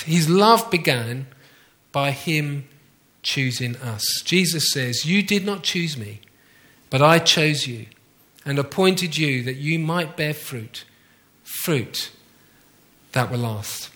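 A man preaching a conversational sermon to his congregation, often asking them questions and slowly repeating key phrases. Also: on the high side, a bit bright. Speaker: pastor.

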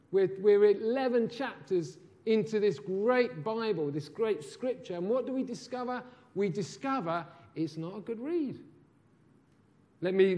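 A man preaches a sermon, voice on the higher side for a man. He talks it through conversationally, peppering it with rhetorical questions and sinking to a quiet hush to land a point. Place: church.

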